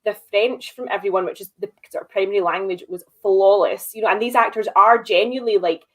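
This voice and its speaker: A woman chats about a film on a podcast in an animated, conversational way, full of "like" and "you know". Her voice is mid-pitched and ordinary. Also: a little fast. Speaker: podcast co-host. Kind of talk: casual film discussion.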